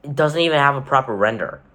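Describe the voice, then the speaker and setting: A man's voice: medium pitch, expressive, fairly quick, fairly bright tone. A man giving casual, rambling commentary as a vlogger, with wry sarcastic asides and frequent self-corrections. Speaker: vlogger rating rockets. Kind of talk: casual tier-list commentary.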